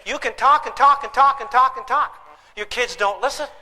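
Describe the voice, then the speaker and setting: A man giving a humorous parenting seminar, talking in an animated, theatrical way. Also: very high-pitched, normal speed, in a large hall, low-quality recording. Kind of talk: humorous live seminar talk. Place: lecture hall with an audience.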